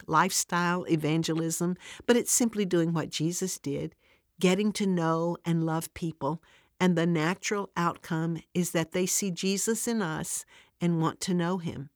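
Earnest low-voiced woman devotional speaker. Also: dry recording, clean studio sound. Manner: earnest, direct address to listener. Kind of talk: devotional storytelling and teaching.

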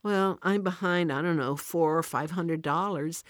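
A woman's voice: fairly low pitch, a little slow, dry recording, studio quality, lightly acted. A woman voicing a worried single mother near tears in a told devotional story, her voice rising as she pleads. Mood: distressed.

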